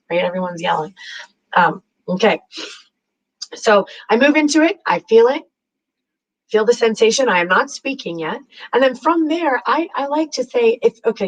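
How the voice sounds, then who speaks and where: A woman's voice: mid-range voice, rough recording. A woman hosting a spiritual self-help channel, talking casually and repeating herself, with lots of "like" and "right?" tags. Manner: chatty and repetitive, with many "like" and "right?" tags.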